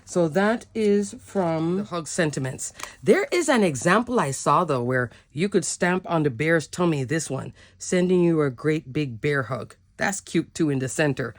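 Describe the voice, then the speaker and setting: A woman's voice: low voice, expressive, moderate pace, no echo. A woman giving a casual, upbeat card-making product demo, chatty and often saying "like".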